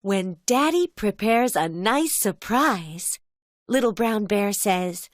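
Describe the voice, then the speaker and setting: A woman telling a children's cartoon story as narrator, in a gentle storybook manner. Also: medium pitch, animated, slow, no echo, clean studio sound.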